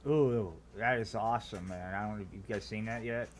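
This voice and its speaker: A man's voice: fairly low pitch, fairly quick, crowd noise. A man chatting casually on a video call in an easygoing way, dropping fillers like "like" and "man".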